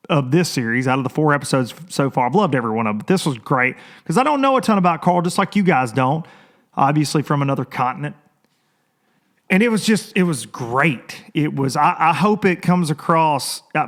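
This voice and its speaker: A man hosting a casual solo podcast, rambling and chatty, energetic, and often repeating his phrases. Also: fairly high pitch. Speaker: podcast host.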